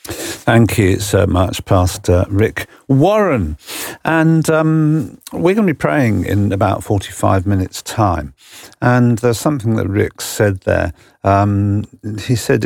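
A man's voice: lowish voice, expressive, measured pace, vocal fry, a little mellow, dry recording, studio quality. A man presenting a radio show, speaking informally with a few fillers. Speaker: radio host.

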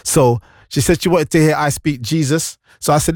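A man's voice: on the high side, brisk, no echo. A man with a Jamaican accent hosting a radio show, chatting playfully between songs and slipping into patois and sing-song lines. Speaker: radio host.

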